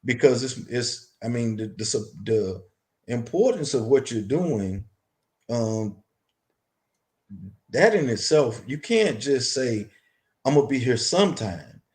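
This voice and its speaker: Measured, halting man in a biker interview. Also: mid-range voice, animated, darkish tone. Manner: measured, halting, many restarts. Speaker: guest, longtime club member. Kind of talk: casual interview talk.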